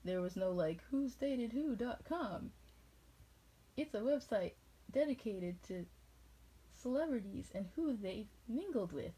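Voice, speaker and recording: A woman's voice: a little high, lively intonation, unhurried, mellow, husky, poor audio. A woman from New England rambling through tangents in a casual chat. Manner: rambling, jumps between tangents.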